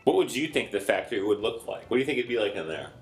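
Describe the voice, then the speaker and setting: A man's voice: fairly low pitch, very animated, very fast, soft background music. A man co-hosting a casual chat, profane and riffing. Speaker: podcast co-host.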